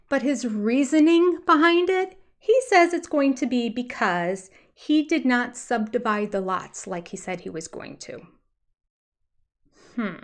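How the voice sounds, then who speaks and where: An older woman hosting a casual talk about a TV show. Her voice sits a touch high. She is expressive and teasing, with dry, sarcastic asides. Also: a little slow. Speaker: host.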